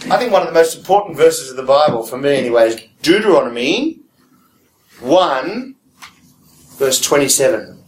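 A man preaching in a relaxed, conversational way, often checking in with his listeners through rhetorical questions. His voice sits a little high for a man. He is picked up from a distance in a reverberant room with faint ambient noise. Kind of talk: conversational sermon.

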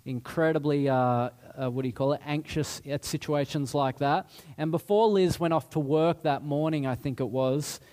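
A man's voice: fairly high pitch, darkish tone. A middle-aged man preaching a sermon in a chatty, self-deprecating way, often restarting his sentences. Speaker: pastor.

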